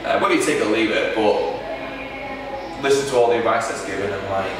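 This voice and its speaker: A man, a wrestler, answering interview questions in a halting, casual way with many restarts. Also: lowish voice. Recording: echoey room from far off.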